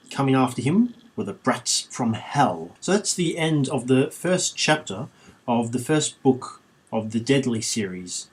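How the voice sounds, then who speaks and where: A man's voice: mid-range voice, a little mellow, breathy edge. A man reading a children's book aloud with sarcastic, irreverent commentary, swearing freely. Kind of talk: comedic audiobook reading with commentary.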